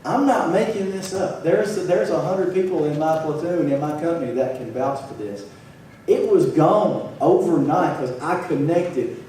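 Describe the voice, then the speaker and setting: A man's voice: a little high, mellow, far from the mic, slight background noise. Earnest man in a very echoey hall. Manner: earnest, repeats words when emotional. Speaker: motivational speaker. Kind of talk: personal story told to an audience.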